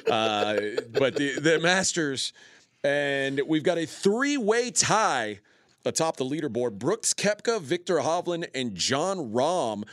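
A man's voice: mid-range voice, no echo, studio quality. A man co-hosting a sports betting show, running through scores and odds in casual chat with frequent filler words.

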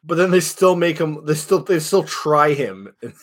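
A man with a somewhat high, husky voice talks through a film on a podcast. He swears freely, laughs often and stumbles over repeated restarts. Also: animated, normal speed. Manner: profane, stammering restarts, laughing. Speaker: podcast co-host. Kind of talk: casual chat recapping a film.

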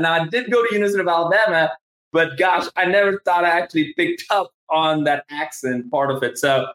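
A man's voice: fairly high pitch, a little fast, a bit bright. A man with a Southern accent hosting a live interview over a video call, enthusiastic and rambling, with many restarts. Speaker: podcast host. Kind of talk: casual live-stream interview. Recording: roomy, echoey room sound.

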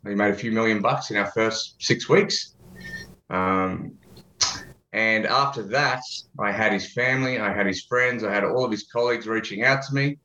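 An Australian man speaks as a guest in a relaxed interview, joking and swearing casually. His voice sits fairly low and sounds echoey and muffled, like a lo-fi call recording. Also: moderate pace. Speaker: guest, ad consultant.

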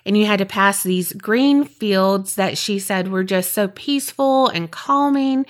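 A woman's voice: mid-range voice, fairly bright tone. A woman with a Southern US accent, co-hosting a podcast with rambling, chatty talk and then telling a story. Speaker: podcast co-host. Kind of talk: casual chat and storytelling.

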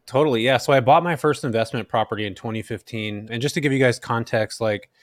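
Dude from central valley california telling his backstory quick, acts out what people said. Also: medium pitch, dry recording. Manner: animated storyteller, acts out quoted lines. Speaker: guest, real estate investor. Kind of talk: storytelling in a podcast interview.

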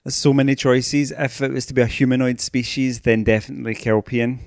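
A Scottish man co-hosting a podcast, playful and teasing in his casual chat. His voice sits at an ordinary pitch for a man. The recording is dry, with no room sound. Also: flat delivery, fairly quick, no echo. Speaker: podcast co-host.

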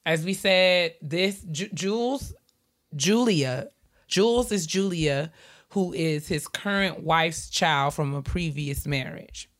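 A woman co-hosting a podcast, calmly laying out background details in casual chat. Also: lowish voice. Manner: measured, reads out details. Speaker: podcast co-host. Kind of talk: casual chat, recounting news.

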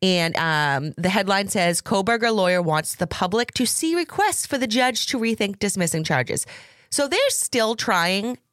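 This Massachusetts-accented true crime podcast co-host chats casually and reads news articles aloud, adding asides. Her medium-pitched, fairly bright voice has lively intonation and a measured pace, captured in a dry, clean studio recording.

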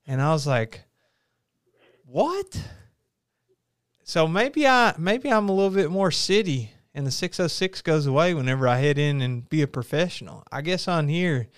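Southern male co-host, easygoing drawl, smooth and a touch high-pitched, dry booth sound. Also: a little fast, few pauses, no room sound. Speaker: podcast co-host. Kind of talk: casual podcast chat.

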